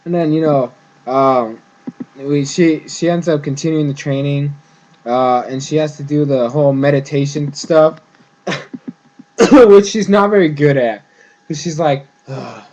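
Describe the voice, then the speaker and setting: A man giving a casual, rambling review of a cartoon episode, full of fillers and quick acted-out lines. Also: a little high, rough recording. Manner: rambling, excitable, heavy use of "like" and "freaking"; acts out the characters' lines in quick bursts.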